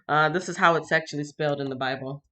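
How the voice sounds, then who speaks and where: A woman reading the Bible on a livestream and chatting with viewers in a casual, animated way. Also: deep voice, fast talker. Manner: chatty, addresses viewers directly; animated, laughs and greets viewers. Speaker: livestream host.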